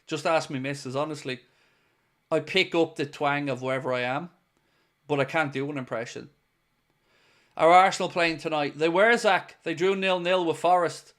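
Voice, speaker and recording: A man's voice: fairly high pitch, moderate pace, a bit bright. A man hosting a live football watchalong, mixing play-by-play with joking chat to his viewers. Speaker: host.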